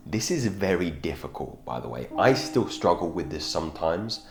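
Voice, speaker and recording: A man hosting a self-improvement channel, giving a measured instructional talk on speaking and often correcting himself mid-sentence. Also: sits low, big pitch swings. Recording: echoey room with background guitar music.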